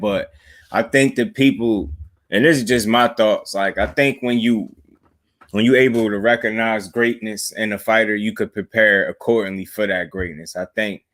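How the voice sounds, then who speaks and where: A man breaking down a fight in a measured, analytical way. His voice is low and steady, and he backs up his co-host with quiet murmurs of agreement. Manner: measured, analytical, frequent "mm-hmm" backchannels. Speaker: podcast co-host. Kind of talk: casual boxing chat.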